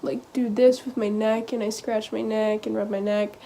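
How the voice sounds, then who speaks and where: A teenage girl vlogging, telling a personal story in a halting, casual way full of "like" and "um.". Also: fairly high pitch, level tone, creaky, dark tone, slight background noise. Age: teens. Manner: hesitant, halting, heavy use of "like" and "um".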